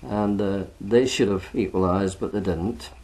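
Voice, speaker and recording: Low-voiced older man chatting about football. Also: measured pace, darkish tone. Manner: chatty, peppered with "you know". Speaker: retired footballer. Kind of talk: reminiscing oral history.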